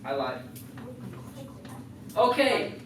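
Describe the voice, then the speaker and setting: In a youth group meeting room, a youth leader gives a loose, joking sermon that keeps drifting into chatty asides. His middling-pitched voice swings widely in pitch and moves very slowly, captured far from the mic in a very echoey room over a faint hiss.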